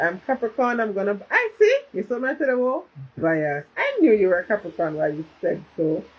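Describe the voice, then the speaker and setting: A woman with a lilt talks loosely to viewers on a livestream, answering comments and drifting into patois. Her voice has a husky edge. The sound is muffled and lo-fi, like a phone stream. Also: on the high side. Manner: chatty, reads out viewer comments, switches to patois. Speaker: livestream host. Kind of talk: casual live chat with viewers.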